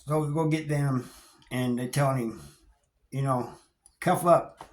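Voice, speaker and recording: Recounting his prison experiences, a male vlogger speaks slowly in a medium-pitched voice with fairly even intonation. His storytelling is casual and plainspoken, full of slang, wry chuckles, and "you know," with a roomy echo in the recording.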